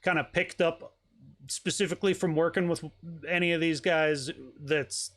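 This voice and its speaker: A man hosting a casual interview who asks his questions in a relaxed, conversational way. His voice sits slightly higher than most men's. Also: normal speed. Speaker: interview host.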